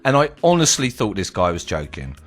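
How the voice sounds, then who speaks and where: A man's voice: lowish voice, fairly quick, faint music behind. A man telling a casual, slangy story from his travels on his vlog. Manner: animated, slangy, swearing storyteller.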